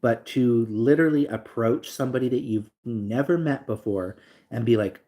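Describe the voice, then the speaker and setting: A young male livestream host talks to viewers in a mellow, mid-range voice at an even, moderate speed. He's loose and rambling, leans on fillers, and reads the chat aloud.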